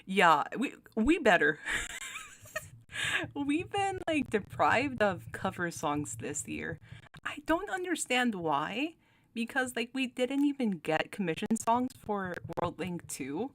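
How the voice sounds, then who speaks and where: A woman's voice: mid-range voice, big pitch swings, takes it slowly, fairly bright tone. A young woman hosting her channel, chatting casually while ranking game cards, giggling often and talking with many fillers and restarts. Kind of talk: casual commentary.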